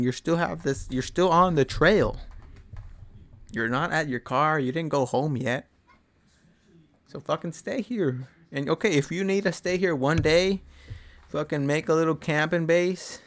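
A man's voice: fairly high pitch, fairly bright tone. A young man hosting a podcast, delivering a blunt, rambling motivational monologue full of swearing. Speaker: podcast host.

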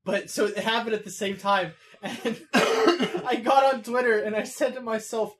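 A man's voice: sits high, fairly even intonation, measured pace, fairly bright tone. A man chatting casually, rambling through stories with frequent laughter. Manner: rambling, laughs often, quotes cartoon lines. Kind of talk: casual podcast chat.

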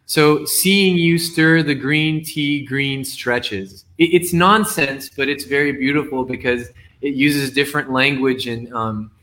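A man talking over a video call, his voice sitting at an ordinary middle pitch. He explains his poem haltingly and keeps stumbling back over his own words. He sounds like a guest sharing his work. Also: sharp tone, a little hiss or hum. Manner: hesitant, repeats words and restarts often. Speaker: poet guest. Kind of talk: casual explanation and poem reading.

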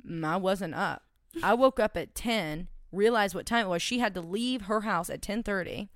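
A woman's voice: mid-range voice, no room sound, clean studio sound. Blunt, swearing young woman. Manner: blunt, swears a lot, quick asides. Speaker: podcast co-host. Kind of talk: casual chat.

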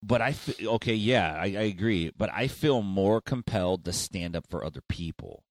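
Low-voiced man in profane banter. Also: lively intonation, moderate pace, no echo. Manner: profane, storytelling, chatty. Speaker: podcast co-host. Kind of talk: casual chat.

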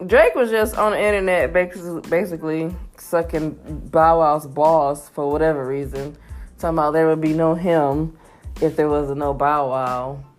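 A woman's voice: low-pitched, steady tone, moderate pace, faint music behind. A woman co-hosting a casual chat show, blunt and profane, laughing often. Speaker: podcast co-host.

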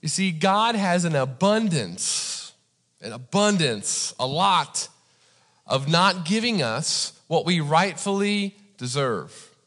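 Man, pastor, chatty sermon storytelling, somewhat high voice, lingering hall reverb. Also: sing-song, slow pace, a bit bright. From Indiana. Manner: conversational, repeats "right?" for the audience.

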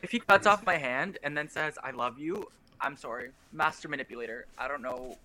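A man's voice: medium pitch, brisk, pushed and bright, a little hiss or hum. A man who is a film critic, guesting on a podcast in casual chat and talking with gushing enthusiasm.

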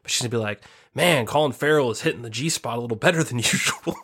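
A man with a mid-range voice riffs through a rambling comic tale on a casual podcast, jumping into quick put-on voices for the characters. His delivery is loose and playful. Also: mid-range voice, a bit bright, breathy edge. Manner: spins absurd stories, acts out quoted characters. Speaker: podcast co-host. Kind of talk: casual comedic chat.

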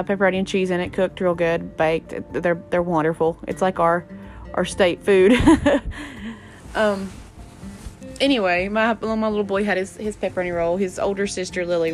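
A woman, chatting and laughing as she rambles through stories about her children. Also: mid-range voice. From West Virginia. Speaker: mother telling family stories. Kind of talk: casual storytelling to viewers.

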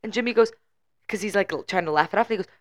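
A woman in her twenties co-hosting a podcast, telling a story with lively animation and acting out the people she quotes. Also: mid-range voice, racing, no echo, clean studio sound. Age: 20s. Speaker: podcast co-host. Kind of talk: casual chat.

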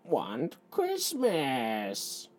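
A woman voicing a pair of greedy, squabbling little trolls in a storybook reading, with drawn-out, whiny shouts. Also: a bass voice, wildly swooping pitch, voice pushed down, exaggerated voice. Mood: whiny demanding.

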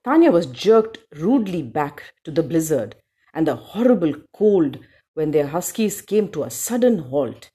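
Storyteller, woman, low warm voice, lively rises and falls, unhurried. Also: husky. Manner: slow, expressive read-aloud with small slips. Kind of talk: storybook narration.

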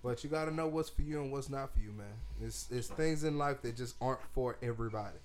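A man's voice: medium pitch, quick pace, a little mellow. A man co-hosting a podcast and giving earnest, slangy advice in casual talk. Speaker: podcast co-host.

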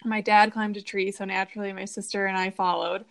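A woman's voice: medium pitch, little pitch movement, a little fast, vocal fry, a bit bright. A young married woman co-hosting a casual podcast, asking questions and laughing easily as she talks. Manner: friendly, laughs often, asks questions.

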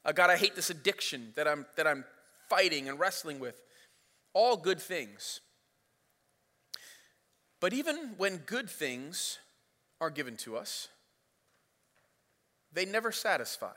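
A man's voice: a little high, big pitch swings, a little slow, pauses often, bright, forceful tone. A man preaching a sermon as pastor, retelling the story in a casual, playful way. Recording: reverberant hall.

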